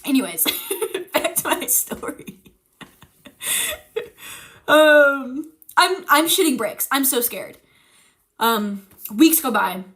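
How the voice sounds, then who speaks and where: A young woman streamer telling a frightening story in casual chat, animated and swearing, teary-eyed as she talks. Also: high-pitched, slow pace, pauses often. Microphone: streaming mic.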